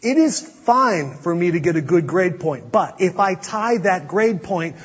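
A man preaching a sermon as pastor, earnest, dropping to a hush to press his points. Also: sits high, lively intonation, unhurried, slightly rough. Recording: dull audio with long hall reverb.

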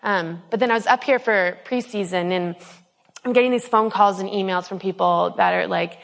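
A woman's voice: mid-range voice, fairly even intonation, brisk, vocal fry. Earnest young woman in a reverberant hall. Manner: earnest, rambling, many ums and restarts. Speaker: speaker giving a personal testimony. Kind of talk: conversational faith testimony.

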